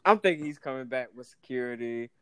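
A man's voice: mid-range voice, fast talker, smooth, no room sound. A man, casually telling a story, acting out the people in it and laughing often. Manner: animated, acts out voices in anecdotes, laughs often.

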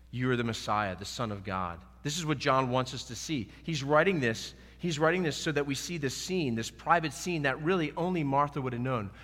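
Bright-voiced preacher man in a hall. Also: medium pitch. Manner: earnest preaching, acting out scripture quotes. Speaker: pastor. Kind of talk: sermon.

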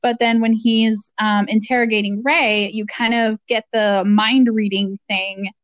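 A woman's voice: mid-range voice, little pitch movement, measured pace, no room sound. A woman co-hosting a podcast in casual chat, rambling and hesitant, laughing as she talks. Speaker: podcast co-host. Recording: dry, dull lo-fi mic.

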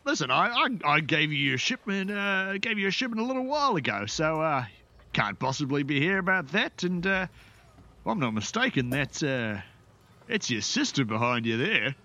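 A man's voice: on the high side, big pitch swings, normal speed, bright, forceful tone, muffled recording, pitched above the performer's own voice, heavily acted. A man playing a big hearty dwarf distiller. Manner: hearty, boisterous, swearing. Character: big jovial male dwarf distiller, backslapping.

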